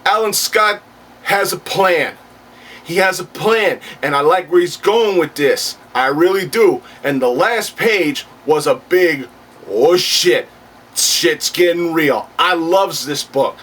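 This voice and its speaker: A man's voice: fairly high pitch, animated, slow pace, fairly bright tone, exaggerated voice. A man voicing a cocky, foul-mouthed alternate-world double of himself who reviews comic books, with crude slang. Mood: brash. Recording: distant mic with faint background noise.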